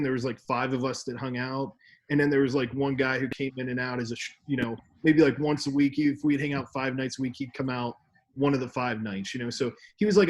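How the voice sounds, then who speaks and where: A young man co-hosting a casual podcast, telling a story with laughs and acted-out quotes. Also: medium pitch. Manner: animated, laughing, acts out quoted voices. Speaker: podcast co-host.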